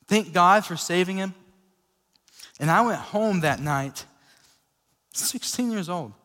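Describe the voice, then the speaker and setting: A young man preaching a sermon as a pastor, telling a personal story in a casual, energetic way with lots of fillers. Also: on the high side. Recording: long reverb of a church hall.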